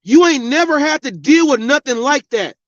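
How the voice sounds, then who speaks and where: A man with a strikingly high voice rants at length, swearing freely and lecturing his listeners. The sound is dry and dull, like a lo-fi home recording with no room around it. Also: expressive, moderate pace, dry recording. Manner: angry, profane, preachy. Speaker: podcast host. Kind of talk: ranting monologue.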